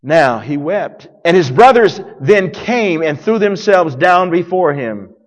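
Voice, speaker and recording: A man preaching a sermon as pastor, dramatic, swinging from loud declarations to hushed near-whispers. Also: a little high, lively intonation, slow pace. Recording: long reverb of a large hall.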